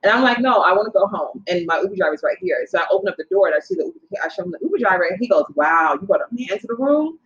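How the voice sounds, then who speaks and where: A young woman casually telling a long personal story as a podcast guest, animated and acting out what people said. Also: fairly low pitch. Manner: animated, quotes people in her story, quick asides. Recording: slightly dull lo-fi sound.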